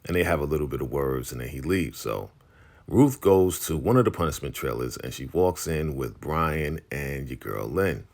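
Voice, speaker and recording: A man casually recapping a TV episode in an animated storytelling way, acting out the characters. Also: rumbling low, normal speed. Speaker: YouTube recap host.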